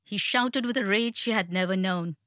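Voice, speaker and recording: A woman narrating a story in a hushed, tense, measured way. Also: medium pitch, no echo, studio quality.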